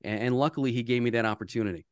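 A man's voice: medium pitch, racing, clean tone, no echo, clean studio sound. A man who works as a radio host, telling stories in a casual podcast chat, earnest and full of restarts. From Philadelphia area. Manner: storytelling, earnest, many restarts.

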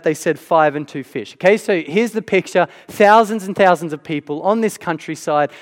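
A high-pitched man preaches to his congregation. He talks like he's chatting with them and keeps asking "right?" His voice rings out with a long reverb in a big hall. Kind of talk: sermon.

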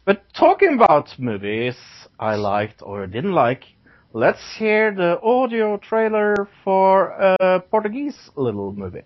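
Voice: medium pitch, sing-song, a little slow. A podcast host chatting casually about movies, hesitant with many fillers. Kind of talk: casual chat. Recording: dull lo-fi, dry sound.

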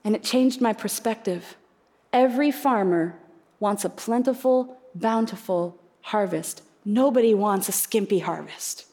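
A woman's voice: medium pitch, unhurried, darkish tone. A woman preaching a sermon, earnest and reflective, posing rhetorical questions to her congregation. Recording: reverberant hall.

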